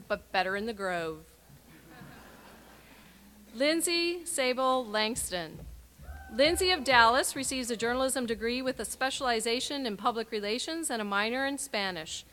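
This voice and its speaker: A woman with a bright, forceful voice pitched a little high reads out names and short messages at a graduation ceremony. Her delivery is clear and measured, with emphatic sign-offs. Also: slight background noise.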